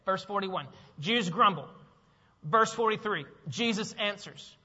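A man preaching with a high, bright voice, emphatic and full of questions to his listeners. His words carry a long reverb in a large hall, and the sound is slightly dull. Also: measured pace, breathy edge. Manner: emphatic, repeats key phrases, asks the congregation questions. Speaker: pastor. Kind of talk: sermon.

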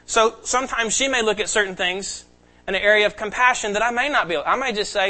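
A man's voice: sits high, quick pace, bright, forceful tone, poor audio. A pastor giving an earnest, emphatic sermon to his congregation in a church. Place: church sanctuary.

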